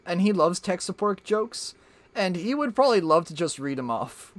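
A man's voice: sits high, sing-song, normal speed. A young man streaming a racing game with friends, chatting casually and laughing often. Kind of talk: casual gaming chat with friends. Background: game music.

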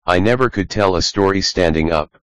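A man's voice: deep voice, brisk, a bit bright, no echo. A man reading the part of a teasing, easygoing male skunk who tells stories. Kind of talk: audiobook reading.

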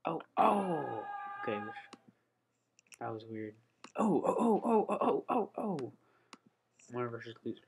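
A man's voice: mid-range voice, big pitch swings, a little slow, creaky, long pauses, a little hiss or hum. A young man giving casual let's-play commentary, often blurting startled "oh"s and humming while he plays. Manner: frequent startled "oh" exclamations while playing; hums "da da da" while concentrating. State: slightly out of breath. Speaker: gaming channel host.

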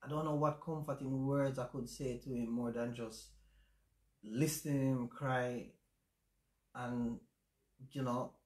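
A man with a Jamaican accent hosting a casual livestream chat, speaking in a reflective, halting way with many fillers. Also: mid-range voice, steady tone, a little mellow. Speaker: channel host. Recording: roomy echo.

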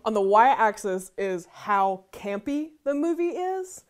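A woman hosting a casual panel chat, animated and laughing often. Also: fairly high pitch, takes it slowly, clear, resonant tone. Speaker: host.

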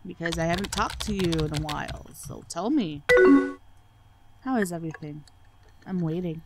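A woman's voice: on the low side, normal speed, over loud music, poor audio. A woman doing game playthrough commentary, sarcastic and swearing freely as she reads the on-screen chat aloud. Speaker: let's play gamer.

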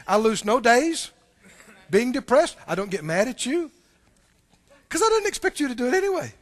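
High-pitched middle-aged preacher guy, really lively voice, goes loud then drops soft, chuckles a lot. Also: moderate pace. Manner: animated preaching with sudden loud outbursts and soft asides. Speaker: pastor. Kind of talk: sermon.

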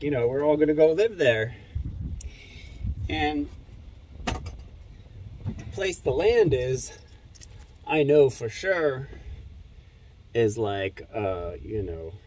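A man's voice: mid-range voice, slight background noise. A man casually recounting a conversation with a friend, rambling with many fillers. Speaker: commentator. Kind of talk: casual storytelling monologue.

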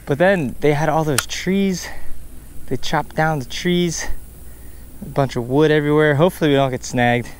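A man casually talking through a fishing vlog outdoors at a pond, bursting into excited exclamations. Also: a little high, moderate pace, noisy background. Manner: excitable, bursts into loud exclamations over catches. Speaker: fishing vlogger.

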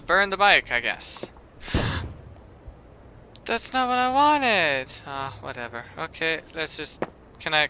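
Excitable man commenting on his gameplay. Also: on the high side, slight background noise. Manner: excitable, talks to the game, swings from shouting to muttering. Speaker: let's play gamer. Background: game music.

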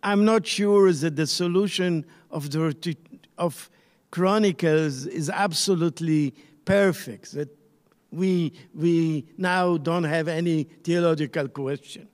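A man lecturing on the Bible, slow and searching, pausing and restarting as he thinks. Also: a little high, in a large hall. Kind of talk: online lecture.

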